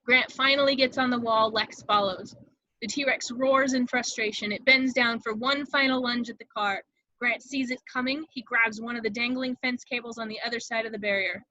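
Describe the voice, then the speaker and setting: Bright-voiced woman reading stage directions. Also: on the high side, fairly even intonation, normal speed, dry recording, dull audio. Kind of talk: table read narration.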